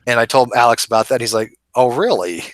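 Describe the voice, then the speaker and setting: A man's voice: mid-range voice, level tone, quick pace, a bit bright, no room sound. A man hosting a debate channel in casual chat, talking conversationally with many fillers.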